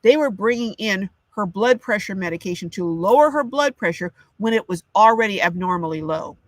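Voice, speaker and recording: A woman's voice: mid-range voice, lively intonation, brisk, dry recording. An older woman hosting a live chat, ranting with indignation and reading out viewer comments. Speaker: livestream host. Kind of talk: casual livestream chat.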